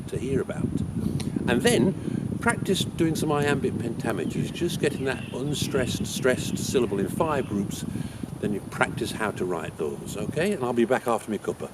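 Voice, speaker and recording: A man plays William Shakespeare as a chatty old playwright with an English accent, teaching sonnet writing through homely examples. His voice sits at a middling pitch but moves up and down freely, with a faint hiss of noise behind it. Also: natural voice. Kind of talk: in-character writing lesson.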